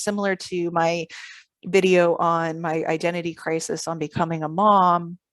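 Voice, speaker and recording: A woman's voice: lowish voice, no echo. A woman talking casually to camera about self-care, earnest and reflective, with frequent fillers. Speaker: vlogger on emotional self-care. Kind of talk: casual advice monologue to camera.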